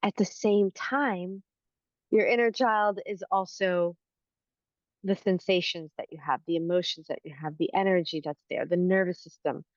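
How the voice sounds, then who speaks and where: A woman coach explaining healing concepts in an interview, calm and teacherly. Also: lowish voice, normal speed, dry recording, lo-fi sound. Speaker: inner-child healing coach.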